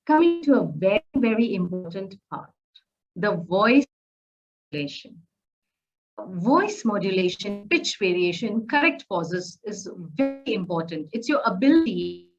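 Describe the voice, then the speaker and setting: A woman teaching an online public speaking course. Her voice sits a little high and it is captured on a muffled, lo-fi recording. She pauses on fillers and keeps checking in with her listeners.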